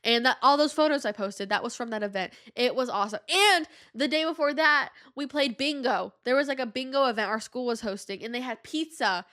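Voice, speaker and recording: A young woman hosts her podcast in loose, casual chat. She gushes and repeats herself, with a voice pitched a bit high. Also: brisk, hardly any pauses, pushed and bright. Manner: gushing, effusive, repeats herself. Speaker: podcast host.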